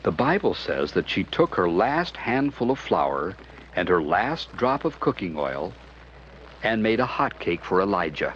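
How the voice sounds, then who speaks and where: A man giving scripted narration of a children's Bible story, expressive and animated. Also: low voice, slight background noise. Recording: dull lo-fi with music behind.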